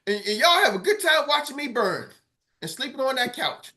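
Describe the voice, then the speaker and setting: A man's voice: very high voice, sing-song, normal speed, pushed and bright. A middle-aged man coaching his sales team on a morning call, fired-up and preachy, calling out to the group.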